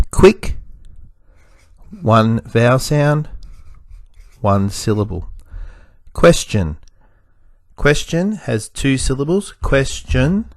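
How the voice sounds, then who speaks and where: Slow, careful male teacher. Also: medium pitch, a little mellow, dry recording, clean studio sound. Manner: slow, sounding out letters and syllables. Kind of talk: recorded spelling lesson.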